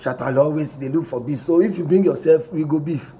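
Animated Ghanaian man with a mellow tone. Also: a little high, fast, hardly any pauses. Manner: animated, mixing pidgin and English, chuckling often. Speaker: vlogger reacting to online posts. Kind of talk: casual commentary reading posts aloud.

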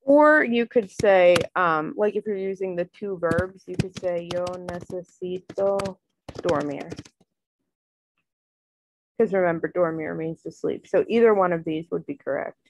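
A woman tutoring Spanish in a casual online lesson, loose and relaxed, full of "um" and "like". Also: lowish voice, normal speed, few pauses, a little hiss or hum. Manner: relaxed, filler-heavy, many "um" and "like".

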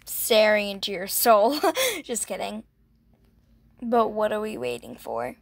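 A woman's voice: medium pitch, very animated, slow pace, no room sound. A young woman chatting casually over a game, gushing and gasping, filling her talk with "like". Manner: gushing, breathy gasps, lots of "like". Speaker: gaming vlogger. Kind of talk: casual gameplay commentary.

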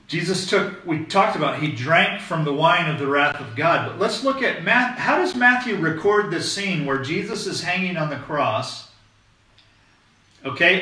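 A pastor preaching a sermon in a conversational, emphatic way, often checking in with "okay?", recorded from a distance in an echoey church hall. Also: male voice, a little high, sharp tone.

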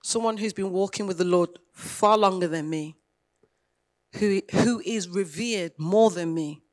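A woman's voice: medium pitch, unhurried. Woman pastor preaching conversationally. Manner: conversational preaching, retelling dialogue with lively emphasis. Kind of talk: sermon.

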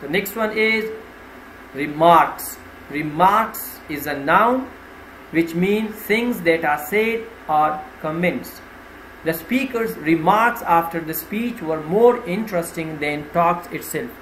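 A man teaching vocabulary, reading out each word with its meaning and an example sentence in a slow, deliberate way, pointing out which syllable to stress. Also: on the high side, a bit bright. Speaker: English teacher. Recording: roomy with faint ambient noise.

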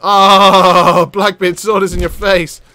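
A young man giving excitable, jokey commentary over a game, swearing and laughing as he plays. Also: sits high, normal speed. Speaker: gameplay commentator. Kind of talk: excited let's-play commentary.

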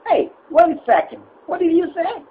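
A man's voice: very high-pitched, lively intonation, normal speed, phone-quality sound, a little hiss or hum. A man voicing an impatient, rude male customer in a comedy sketch, exasperated and blunt, spelling letters out insistently.

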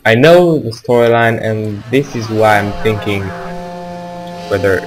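A man's voice: fairly low pitch, a little slow, low-quality recording. A man giving casual let's-play commentary, chatty and musing aloud, with sudden exclaims at setbacks. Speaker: gamer playing through an action game. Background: game music.

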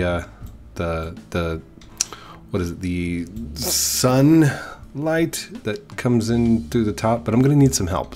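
A young man with a stuffed-up nose giving rambling, nervous casual commentary while playing a game. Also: low voice. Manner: chatty, rambling, nervous and self-deprecating. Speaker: gaming YouTuber.

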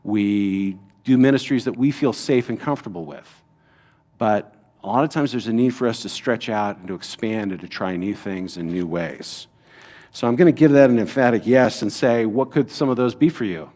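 A man's voice: lowish voice, normal speed, a little mellow. A middle-aged man, a pastor, teaching a Bible lesson to his congregation in a conversational way, with rhetorical questions and frequent "right?" asides.

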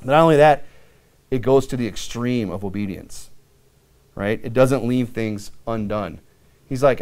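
Male pastor preaching an animated sermon with acted-out quotes. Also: medium pitch, unhurried, long pauses.

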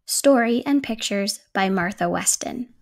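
Woman reading a storybook aloud, gravelly. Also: mid-range voice, lively intonation, measured pace. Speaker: children's book reader.

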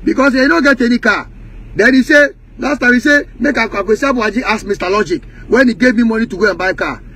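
A man's voice: very high voice, fast talker, pushed and bright, slightly rough. A man from Ghana with a Ghanaian Pidgin English accent, delivering a heated, mocking rant that slips into sing-song taunting chants. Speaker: music industry commentator.

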